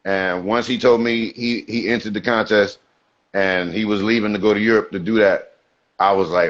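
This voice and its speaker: A man with a low voice tells stories in a relaxed, streetwise way, full of slang. He talks over a video call, and the sound comes through dull and lo-fi. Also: normal speed. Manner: laid-back, streetwise storytelling with slang. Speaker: guest rapper. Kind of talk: casual storytelling interview. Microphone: video call mic.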